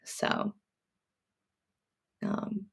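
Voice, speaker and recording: A woman hosting a sewing live stream, chatting and reading viewer comments aloud as she works. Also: very slow. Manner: thinks out loud, many fillers and restarts. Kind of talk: casual live-stream chat.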